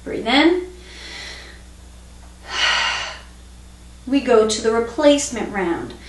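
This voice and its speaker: A middle-aged woman calmly explaining a tapping technique as an instructor, in a steady teaching tone. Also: a little high, moderate pace. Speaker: EFT instructor. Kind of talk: instructional explanation with demonstration phrases. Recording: echoey room, mic at a distance.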